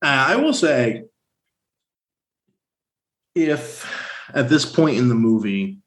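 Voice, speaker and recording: Guy cohosting a movie podcast, chatty and animated, mid pitch. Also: slow pace. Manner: animated, jumps into silly voices for a line. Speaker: podcast co-host. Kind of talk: casual film discussion.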